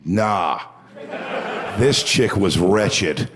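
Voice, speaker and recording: A man's voice: low voice, extremely slow, noisy background. A man telling a crude story as a stand-up comedian, chatty and acting out what people said. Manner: crude, conversational, acts out quotes.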